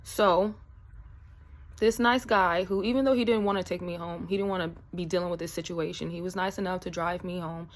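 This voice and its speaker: A woman's voice: fairly low pitch, steady tone, brisk. Chatty woman telling a storytime. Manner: chatty, rambling, many fillers. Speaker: vlogger. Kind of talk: casual storytime.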